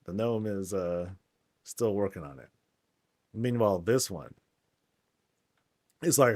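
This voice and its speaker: A man's voice: fairly low pitch, lively intonation, slow pace, long pauses, a little mellow, dry recording, studio quality. Laid-back joking man, game tour. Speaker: game channel host. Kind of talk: casual game tour commentary.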